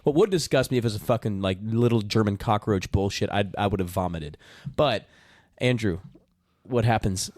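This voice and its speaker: A man's voice: on the low side, normal speed, a little mellow, no room sound, clean studio sound. A man co-hosting a podcast, chatting animatedly, swearing and acting out lines from a film. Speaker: podcast co-host. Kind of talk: casual chat.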